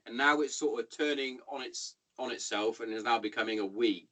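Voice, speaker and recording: A man in his thirties with an English accent, hosting a podcast in casual, sweary, animated chat. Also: mid-range voice, fairly quick, poor audio. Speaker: podcast host.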